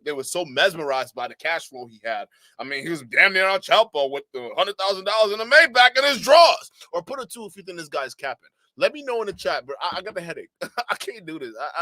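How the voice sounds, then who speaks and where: A man hosting a live reaction stream, talking to his chat in an animated, exasperated, mocking way. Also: a little high, dry recording. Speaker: live stream commentary host.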